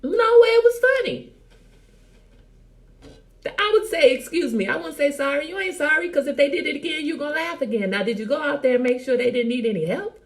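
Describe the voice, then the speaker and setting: A middle-aged woman hosting a casual live chat, teasing and animated, talking straight to her viewers by name. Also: sits high, fast talker, hardly any pauses. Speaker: host.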